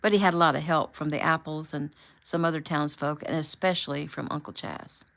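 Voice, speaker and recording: A woman reading the lines of an easygoing, good-humored young man in an audiobook, in a relaxed, mild way. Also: low-pitched, a little fast, vocal fry.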